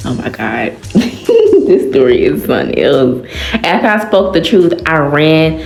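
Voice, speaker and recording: A woman casually reading a fan-fiction story aloud, jumping her pitch for the dialogue and breaking off to react. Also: very animated, a little slow, creaky, darkish tone. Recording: roomy echo with faint music.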